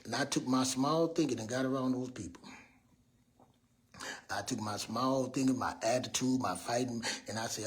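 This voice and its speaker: A man in his fifties giving a rambling, preachy motivational talk as a mentor, loud and earnest. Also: medium pitch, moderate pace. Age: 50s. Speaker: mentor speaking to young people. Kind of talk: motivational monologue.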